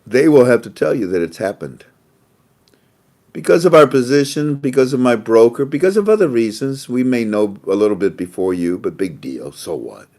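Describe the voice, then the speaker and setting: A man's voice: mid-range voice, expressive, normal speed, darkish tone. A man hosting a casual monologue, rambling and repeating his phrases, with frequent laughter. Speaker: host.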